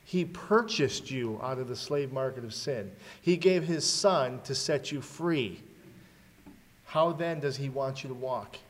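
Male preacher, mid pitch, sermon delivery with questions to the room, long hall reverb. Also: a little slow. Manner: rhetorical questions to the congregation, dramatic readings.

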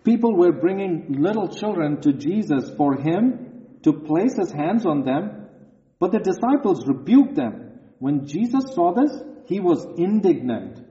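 A man's voice: high-pitched, very animated, measured pace, dark tone. Man preaching in an echoey hall. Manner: earnest, emphatic preaching with scripture read aloud. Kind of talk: sermon. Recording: echoey hall, dull lo-fi sound.

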